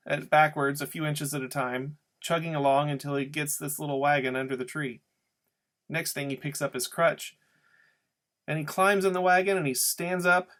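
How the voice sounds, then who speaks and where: A man's voice: a little high, fairly bright tone. A man reading a novel aloud as an audiobook, telling the story in a casual first-person voice. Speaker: audiobook reader.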